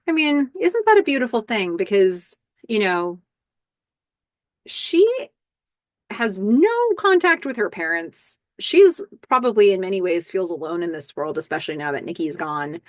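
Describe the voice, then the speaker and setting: A woman's voice: medium pitch, sing-song, measured pace, no echo, studio quality. A woman hosting a casual recap podcast, chattily walking through scenes step by step with the odd filler. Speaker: podcast host.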